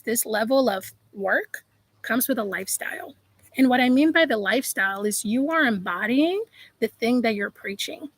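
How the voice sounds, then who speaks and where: A woman speaks live to her viewers as a life coach, emphatic and a little preachy, calling them y'all. Her voice sits a bit high. The sound is dry and close, with no room in it. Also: a bit bright, dry recording, low-quality recording. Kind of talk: live-stream motivational talk.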